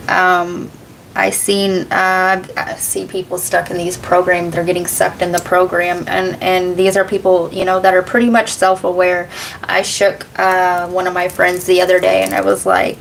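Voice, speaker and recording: A woman's voice: on the low side, a little slow, gravelly, slight background noise, rough recording. An American woman hosting a casual card-reading livestream, rambling, laughing often and swearing now and then as she answers chat. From United States. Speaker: tarot reader and livestream host.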